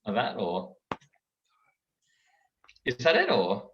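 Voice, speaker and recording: Speaking slowly in a fairly low voice with wildly swooping pitch, a young comedian and impressionist chats as a guest over a video call. Playful, he often repeats words when beginning a sentence, and the dull lo-fi call audio carries slight background noise.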